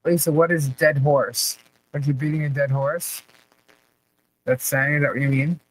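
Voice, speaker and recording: A woman's voice: sits low, fairly even intonation, moderate pace, rough recording. A woman hosting a casual live chat, laughing often and asking puzzled questions as she reads viewer comments. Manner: laughs often, baffled questions, repeats herself.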